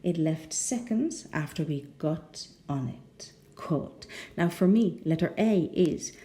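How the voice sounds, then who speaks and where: Lively, patient woman teaching pronunciation. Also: on the low side, unhurried, a little hiss or hum. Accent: rhotic English accent. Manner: patient, checks in with "no?". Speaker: English teacher. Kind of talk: pronunciation lesson.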